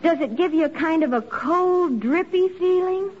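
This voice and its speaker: A woman's voice: very high-pitched, moderate pace, highs cut off. An actress playing a naive, earnest young woman with a chirpy manner in 1940s radio comedy style. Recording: noisy old radio recording with studio audience.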